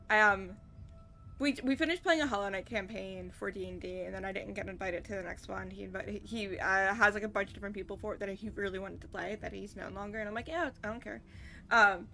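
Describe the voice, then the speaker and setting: A woman streamer talks casually while she plays a game. Her voice is bright and forward, and she rambles with lots of fillers. Faint music sits behind her. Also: medium pitch, steady tone, brisk. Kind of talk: casual gameplay chat.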